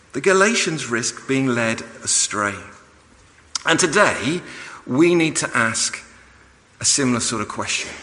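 A man preaching a sermon, animated and rising in pitch when he quotes the apostle. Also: big-room sound.

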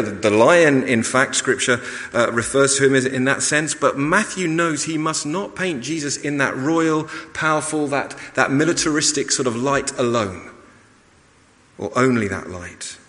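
A man preaching a sermon in a measured, emphatic way, pausing and restarting as he explains a passage. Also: mid-range voice, fairly bright tone. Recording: long reverb of a large hall.

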